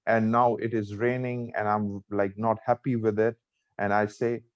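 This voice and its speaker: A man's voice: lowish voice, little pitch movement, normal speed, no room sound, lo-fi sound. Pakistani man teaching spoken English. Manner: repeats example sentences in changing tones. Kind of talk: classroom lecture.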